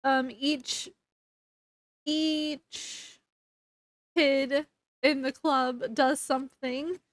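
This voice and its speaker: A woman's voice: high voice, steady tone, very slow, no room sound. A woman giving a casual book review at home, retelling the plot in a rambling way with lots of fillers.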